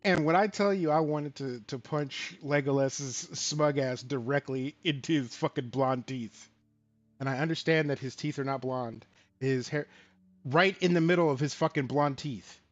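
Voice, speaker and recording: A man on a show about tabletop games, talking in an animated and profane way and slipping into the voices of characters he quotes. His voice sits at an ordinary pitch and sounds dry and close. The audio is a little muffled, with faint music under it. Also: normal speed, no room sound. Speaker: podcast co-host. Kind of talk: casual tabletop game talk.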